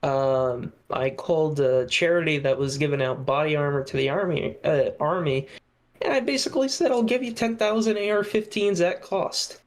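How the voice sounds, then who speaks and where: A man's voice: a little high, normal speed. A man who is a podcast guest, talking casually with many restarts and fillers.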